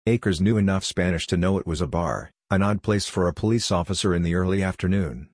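An audiobook narrator reads a novel aloud in scripted narration, his storytelling measured and even. His voice is low, and the clean studio sound has no echo.

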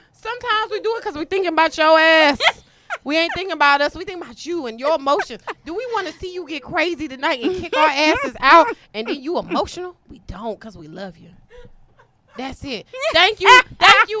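Animated, profane woman holding court. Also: high-pitched, a little fast. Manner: profane, animated storytelling, acts out both sides of a conversation. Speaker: panel guest. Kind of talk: loud casual group chat.

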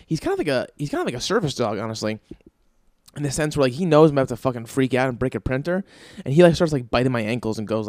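A man's voice: mid-range voice, a little mellow, no room sound. A man hosting his own podcast, ranting with heavy swearing in an exasperated comedic monologue. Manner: profane, exasperated rants. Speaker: podcast host.

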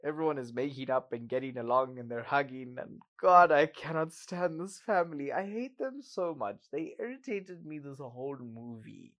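A man's voice: medium pitch, fairly bright tone. A man hosting a podcast, recapping a movie in a casual, sarcastic way with exasperated asides.

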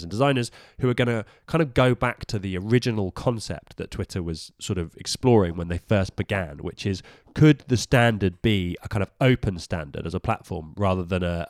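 Low-voiced British man explaining tech casually. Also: no room sound, studio quality. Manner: jokey, explanatory, chatty. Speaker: podcast co-host.

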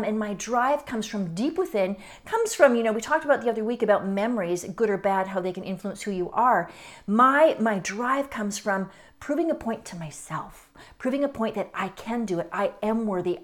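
Woman, middle-aged, podcast host, motivational monologue, blunt and emphatic, slightly high voice.

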